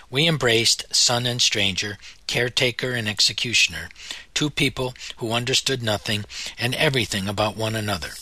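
A man narrating a memoir audiobook with a very bright, crisp tone. His pitch sits in the middle for a man. He reads in measured, solemn phrases, and the recording is dry and close with no room echo.

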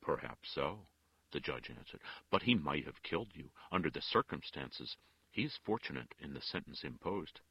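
A man's voice: a bass voice, lively intonation, normal speed, creaky, slightly rough, no echo, lo-fi sound, heavily acted. An actor voicing a stern older male judge who speaks in an implacable, disagreeable way with a grating voice. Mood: curt. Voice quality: grating, harsh.

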